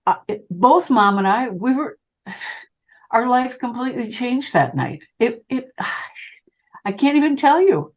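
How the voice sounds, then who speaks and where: An older woman, a psychic medium, telling a personal story in an interview and calling the listener honey. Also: mid-range voice. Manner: animated, calls the listener honey. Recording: dull lo-fi sound.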